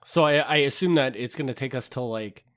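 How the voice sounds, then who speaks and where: A man's voice: mid-range voice, brisk, a bit bright. A man co-hosting a podcast in a casual, easygoing way, asking questions and laughing often. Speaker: podcast co-host.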